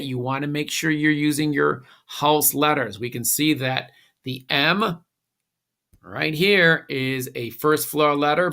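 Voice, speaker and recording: A man teaching a recorded classroom phonics lesson, giving slow, patient instructions with a few "uh"s. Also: on the high side, creaky, bright, forceful tone.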